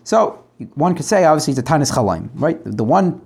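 Animated man teaching a Talmud page. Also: a little high, brisk, creaky, husky. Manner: animated, rhetorical questions, frequent restarts. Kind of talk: explaining a Talmud page aloud.

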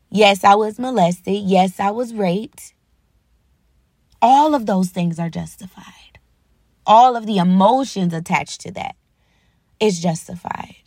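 Gravelly-voiced woman hosting an uplifting podcast. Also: medium pitch, a little mellow, no echo, studio quality. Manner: earnest, retelling a film scene with feeling. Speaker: podcast host. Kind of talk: inspirational podcast talk.

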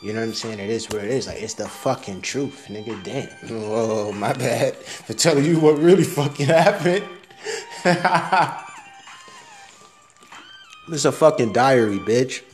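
A man's voice: mid-range voice, measured pace, faint music behind. A young man rambling through a casual, profane audio diary, laughing at his own jokes.

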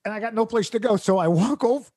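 A man's voice: high-pitched, fast, mellow, slightly rough, no room sound. A man hosting a podcast, telling a funny, exasperated story full of sarcasm and laughter. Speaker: podcast host. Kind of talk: comedic storytelling rant.

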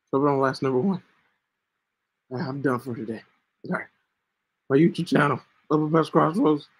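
A man hosting his own podcast, teaching the Bible in a casual, earnest monologue and often checking in with "right?", with coughing fits breaking in. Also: fairly high pitch. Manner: earnest, keeps asking "right?". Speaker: Christian podcast host. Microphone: home computer mic with screen sharing.

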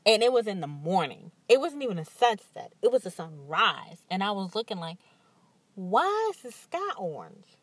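A woman hosting a podcast, telling stories in an animated, candid way and acting out what others said. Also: medium pitch, a little fast, hardly any pauses, no echo. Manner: animated storytelling with acted-out quotes and frequent laughs; emphatic and candid. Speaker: podcast host. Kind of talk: casual monologue.

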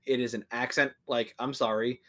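A man's voice: mid-range voice, little pitch movement, moderate pace, sharp tone. A young man co-hosting a podcast in casual chat, rambling with lots of fillers, restarts and casual swearing. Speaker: podcast co-host.

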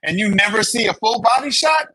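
A man co-hosting a casual chat, animated and acting out the people he quotes. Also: sits high, a little fast, slightly rough, no echo, rough recording. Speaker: podcast co-host.

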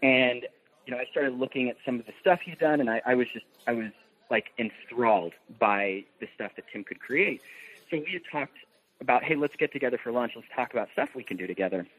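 A man's voice: medium pitch, animated, a little fast, fairly bright tone, slightly rough. A man, a film producer guest on a podcast, telling a story with enthusiasm and laughter in casual chat. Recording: tinny phone-like line.

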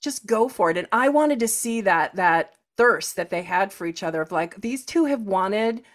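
Animated woman podcast host. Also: mid-range voice, normal speed. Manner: animated, acts out scenes with sound effects and quoted voices. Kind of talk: casual chat.

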